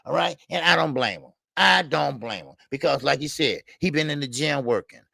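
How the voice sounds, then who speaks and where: A man with a raised, gravelly voice hosts a live boxing talk stream. He rants in a heated, profane way, hammers his points home through repetition and breaks off to greet viewers by name. The sound is dry and close. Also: on the high side, expressive, normal speed, pushed and bright, no room sound. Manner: reads viewer names and Super Chats. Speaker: boxing talk show host. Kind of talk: live-stream call-in rant.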